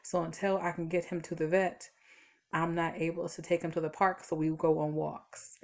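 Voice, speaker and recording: A woman's voice: deep voice, level tone, moderate pace. A tired woman vlogging casually from home, rambling through stories with lots of fillers. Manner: chatty, rambling storytelling with fillers. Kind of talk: casual talk to camera.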